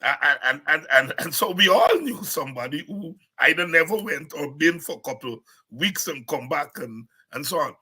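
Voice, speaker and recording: A middle-aged man from Guyana hosting a show, musing in reflective commentary with halting restarts and soft chuckles. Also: on the high side, animated, slightly rough, low-quality recording. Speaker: host.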